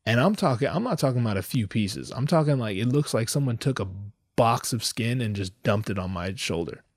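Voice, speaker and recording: A man hosting a podcast, telling a comic story in a profane, slangy, animated way, jumping from loud outbursts to low asides. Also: fairly quick, dry recording, clean studio sound. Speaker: podcast host.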